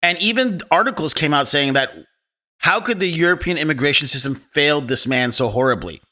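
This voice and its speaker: Podcast host, male, bright tone, animated and opinionated storyteller. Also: a little high, brisk. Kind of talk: casual film discussion.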